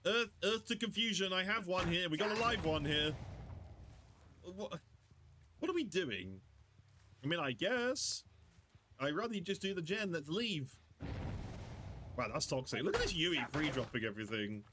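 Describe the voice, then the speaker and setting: A British man streaming a game, chatting casually and joking, often jumping up into high squeals. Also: big pitch swings, normal speed, pauses often, noisy background. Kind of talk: casual gameplay commentary.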